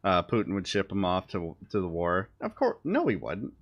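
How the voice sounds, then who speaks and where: A man with a somewhat low voice, riffing through loose political commentary on a live stream. He talks bluntly and sarcastically, with offhand swearing and wry asides. He sounds like a young parent chatting to his viewers. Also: wildly swooping pitch, moderate pace, lo-fi sound.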